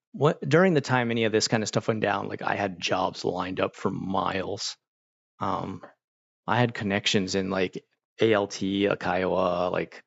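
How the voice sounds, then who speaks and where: With a deep, gravelly voice, a male streamer wanders through rambling, filler-heavy stories while talking casually to his viewers. The recording is dry and missing its high frequencies.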